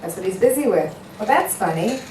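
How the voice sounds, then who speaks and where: A woman's voice: medium pitch, lively intonation, a little fast, darkish tone, slight background noise. A woman who works as a matchmaker, giving an earnest, emphatic speech to a live audience and telling stories with repetition for effect. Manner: emphatic, storytelling, repeats for effect. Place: event hall with a live audience. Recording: echoey hall, voice picked up from a distance.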